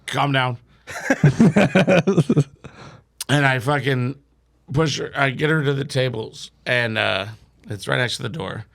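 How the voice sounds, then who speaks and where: A man's voice: mid-range voice, takes it slowly, gravelly, pauses often, a bit bright. A young man telling a wild drinking story as a podcast guest, swearing and laughing through it. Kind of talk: casual storytelling.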